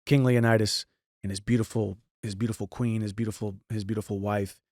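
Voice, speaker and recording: A man's voice: lowish voice, flat delivery, brisk, darkish tone, no echo, studio quality. A man in his thirties from St. Louis, hosting a podcast and giving casual, earnest advice with frequent restarts. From St. Louis, Missouri. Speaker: podcast host answering listener questions.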